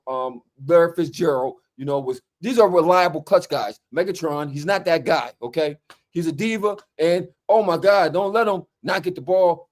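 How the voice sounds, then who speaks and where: Exasperated male fan, higher voice, casual animated rant. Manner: animated, exasperated, repeats "okay". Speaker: football fan commentator.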